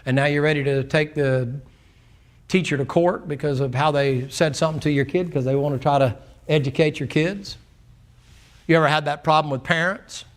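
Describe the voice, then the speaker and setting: A preacher delivers a folksy, plainspoken sermon from the pulpit of a church. His man's voice sits a little high, and he acts out the back-and-forth of the people in his story. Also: steady tone, normal speed. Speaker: pastor. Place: church sanctuary.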